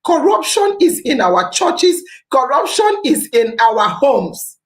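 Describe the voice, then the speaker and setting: A woman's voice: sits high, big pitch swings, takes it slowly, roomy sound, rough recording. A Nigerian woman hosting a podcast, giving an impassioned civic talk, repeating phrases for emphasis and slipping into Pidgin. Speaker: podcast host.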